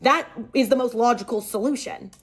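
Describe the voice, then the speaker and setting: A woman's voice: a little high, moderate pace. Chatty young woman telling a storytime. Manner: chatty, sarcastic, dramatic. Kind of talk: casual storytime.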